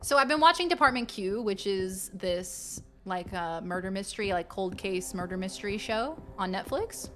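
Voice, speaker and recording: A woman streaming a game and chatting casually with her viewers, playful and quick to slip into silly voices. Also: mid-range voice, a bit bright. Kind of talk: casual live-stream chat.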